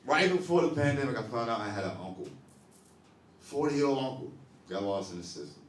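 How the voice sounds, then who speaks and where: A young man performs stand-up in a comedy club, laughing often, staying animated and talking back to the audience as he works the crowd. His medium-pitched voice is brisk, with slight background noise, and the live club recording sounds roomy, as if captured from a distance.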